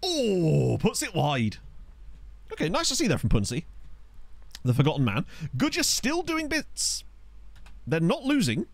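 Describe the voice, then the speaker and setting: Young streamer, lively pitch, dry close desk-mic sound, excitable play-by-play for a game. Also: male voice, a little slow, vocal fry, long pauses, dry recording. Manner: chatty, excitable, reads chat aloud. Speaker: gaming streamer. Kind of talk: live gameplay commentary. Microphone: desk USB microphone.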